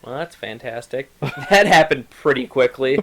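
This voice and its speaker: A man's voice: medium pitch, lively intonation, moderate pace, a bit bright, a little hiss or hum, rough recording. A man co-hosting a casual let's-play, joking and trash-talking over a retro arcade game. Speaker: gaming show co-host.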